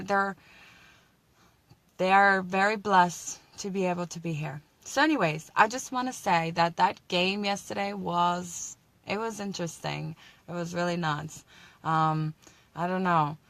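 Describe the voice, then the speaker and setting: Bright-voiced woman giving faith-filled encouragement. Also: mid-range voice, dry recording. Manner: chatty, encouraging, faith-filled, frequent restarts. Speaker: vlogger. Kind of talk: casual inspirational live chat.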